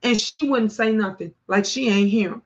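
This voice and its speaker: A woman hosting a talk stream and reading viewers' comments, speaking emphatically and bluntly with sudden loud rises and some swearing. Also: mid-range voice, normal speed, highs cut off.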